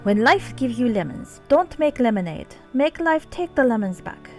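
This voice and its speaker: A woman reading a blustering male tycoon's lemon rant aloud in a deliberately bad, inconsistent accent. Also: fairly high pitch, sing-song, soft background music, pitched above the performer's own voice.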